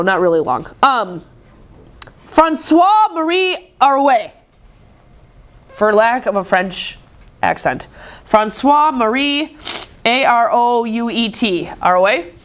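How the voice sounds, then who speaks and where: A woman's voice: medium pitch, takes it slowly, pauses often, fairly bright tone. A woman teaching a history class in a classroom, chatty and joking, acting out quoted voices. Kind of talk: casual classroom lecture.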